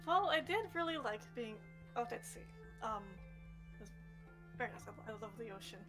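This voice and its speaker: A woman's voice: fairly high pitch, expressive, moderate pace, music in the background. A woman doing a guarded ex-navy doctor. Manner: hesitant, soft, evasive. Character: weary ex-navy ship doctor, man, reserved.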